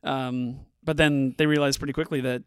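A man's voice: medium pitch, flat delivery, moderate pace, fairly bright tone, clear, resonant tone, dry recording, studio quality. A man co-hosting a podcast in a laid-back, chuckling way while chatting about a movie. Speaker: podcast co-host, producer. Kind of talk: casual movie podcast chat.

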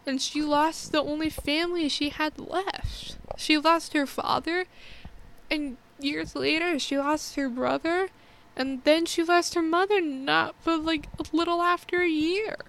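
High-voiced woman giving a heartfelt film review. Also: fairly even intonation, unhurried, a bit bright. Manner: heartfelt, rambling with frequent restarts. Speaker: movie reviewer. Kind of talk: casual film review vlog.

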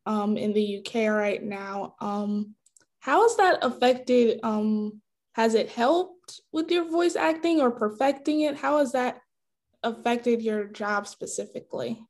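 A woman's voice: a little high, animated, measured pace, darkish tone. A woman hosting a podcast interview, friendly and polite, asking questions with a few ums. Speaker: podcast host.

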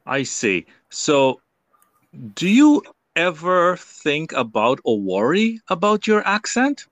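A man interviewing a guest, asking questions slowly with lots of ums and uhs. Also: a little high, sing-song, a bit bright, dry recording. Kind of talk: conversational interview.

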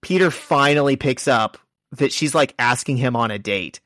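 A man's voice: medium pitch, normal speed, dry recording, studio quality. A man co-hosting a podcast, retelling a comic book's plot in casual chat and quoting the characters' lines as he goes. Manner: lively storyteller, quoting characters. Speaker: podcast co-host.

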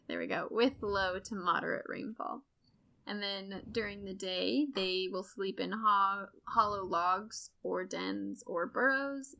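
A woman's voice: medium pitch, vocal fry, bright, forceful tone. An American woman co-hosting a casual educational podcast, reading from notes and laughing often. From United States. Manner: giggly, reads notes with frequent laughs. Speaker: co-host.

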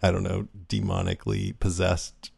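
A man co-hosting a casual podcast chat, arguing his point in quick bursts. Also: sits low, big pitch swings, vocal fry, darkish tone, breathy edge. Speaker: podcast co-host.

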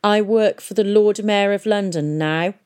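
A woman voicing a cold, menacing male undead machine stalker in an audiobook, speaking flatly with a hiss. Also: medium pitch, measured pace, clear, resonant tone, natural voice. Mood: flat menace. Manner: flat, hissing. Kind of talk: audiobook reading.

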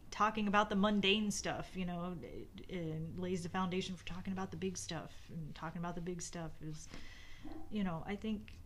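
Speaking in a fairly low, slightly bright voice, a middle-aged woman reflects on her marriage as a podcast co-host. The conversation is casual and long-winded, with frequent fillers and restarts.

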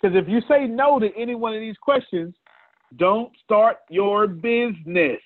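A man leading a business coaching session on a video call. He talks in an animated way and addresses attendees by name. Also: high voice, a little slow, dry recording. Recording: tinny phone-like call audio.

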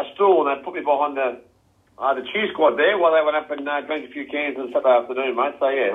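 A man with an Australian accent, a guest in a casual chat, who keeps dropping "mate" into his sentences. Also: medium pitch. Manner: chatty, says "mate" constantly. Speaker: guest, former football coach. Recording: tinny phone line.

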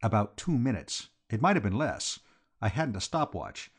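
A man voicing a frantic, rattled young gentleman in an audiobook reading. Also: on the low side, sing-song, normal speed, husky, full character voice. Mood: frantic, rueful.

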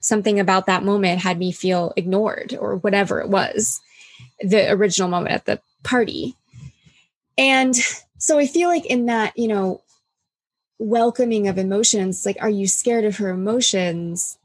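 A woman's voice: medium pitch, normal speed, no echo. A woman in casual conversation, speaking candidly and reflectively, with lots of "like" and acted-out quotes. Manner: reflective and candid, filler-heavy, acts out quoted dialogue.

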